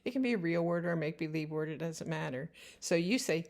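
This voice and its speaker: A woman giving instructional narration for parents. She talks in a slow, careful way and spells out the sounds of words. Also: fairly low pitch, lively intonation, creaky. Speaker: teacher.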